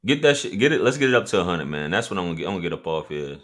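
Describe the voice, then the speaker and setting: A man's voice: low voice, big pitch swings, rapid-fire, fairly bright tone. A man hosting a casual livestream, joking and bantering with viewers in loose, slangy talk. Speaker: livestream host.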